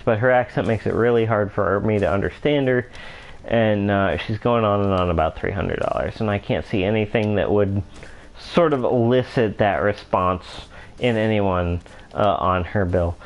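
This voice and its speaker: A man's voice: fairly low pitch, rough recording. A young man casually commenting on his gameplay while telling a rambling story, talking like a customer support rep. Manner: rambling, chatty storytelling with many fillers. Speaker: let's player.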